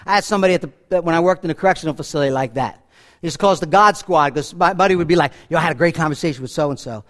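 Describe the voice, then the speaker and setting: A middle-aged male pastor delivers a sermon in a fairly high voice. He tells personal stories with lively swings, dropping to hushed asides and rising to loud emphasis. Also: rapid-fire.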